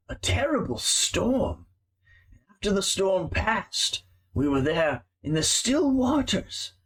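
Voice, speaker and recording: A man's voice: a little high, breathy edge, pitched above the performer's own voice, heavily acted, low-quality recording. A man doing a weary old sewer rat.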